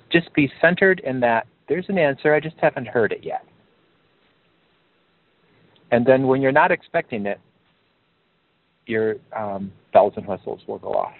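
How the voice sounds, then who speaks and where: A man leading a group coaching call, talking in a calm, encouraging way and lifting his pitch to stress a point. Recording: narrow phone-like line.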